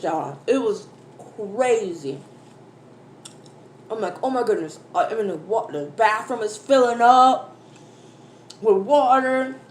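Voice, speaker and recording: A woman, a mother, telling a story animatedly to her viewers in a casual chat while eating. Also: mid-range voice. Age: adult, mother of a school-age daughter. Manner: animated, exclaiming, addresses viewers as y'all. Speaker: food vlogger. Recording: echoey room, faint background noise.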